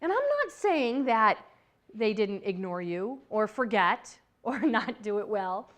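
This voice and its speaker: A woman giving a motivational talk on workplace communication, chatty and lively, laughing easily and acting out the voices she quotes. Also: mid-range voice, slow pace.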